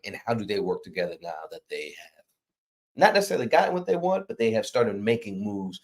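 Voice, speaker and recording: Casting: lower-voiced man, loose and rambling host energy. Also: big pitch swings, fast, a little mellow. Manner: rambling, self-correcting, laughs often. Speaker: comic publisher host. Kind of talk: casual livestream chat.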